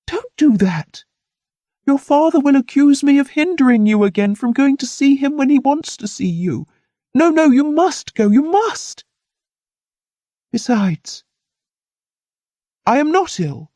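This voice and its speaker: A man's voice: very animated, takes it slowly, pauses often, darkish tone, breathy edge, no echo, heavily acted. A man voicing an anxious, pleading young woman. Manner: high, urgent, breaking into whispers.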